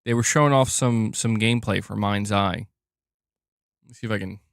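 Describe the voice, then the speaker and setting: A man's voice: on the low side, moderate pace, vocal fry, clear, resonant tone, no echo, clean studio sound. Laughing, rambling male streamer. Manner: jokey, laughs often, rambling. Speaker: livestream host. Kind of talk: casual livestream chat.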